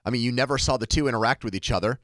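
Man, sports co-host, wry, mid-pitched voice, dry close mic. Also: rapid-fire, fairly bright tone, dry recording. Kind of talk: casual sports debate.

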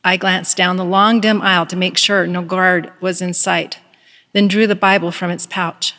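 A woman giving a devotional address, reading a story in a measured, earnest way. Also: lowish voice, little pitch movement, bright, forceful tone, long reverb tail. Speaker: devotional speaker.

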